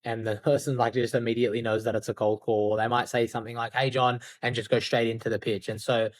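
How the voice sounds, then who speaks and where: A man's voice: medium pitch, level tone, fast, dry recording. A man talks candidly and loosely as a podcast guest, dropping the odd swear word and plenty of "like." His voice sits in an ordinary middle range, and the recording is dry and close with no room sound. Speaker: podcast guest, outbound sales agency founder. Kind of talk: casual interview talk.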